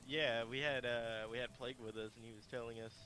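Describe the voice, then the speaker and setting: A man playing a tabletop game, chatting casually and telling things in an animated way. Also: mid-range voice, quick pace, a little hiss or hum. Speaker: player.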